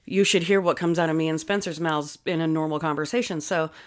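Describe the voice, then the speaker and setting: A woman's voice: sits low, steady tone, quick pace. A woman in her forties co-hosting a podcast at a studio mic, telling loose, profane stories in casual chat. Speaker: podcast co-host. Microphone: studio microphone.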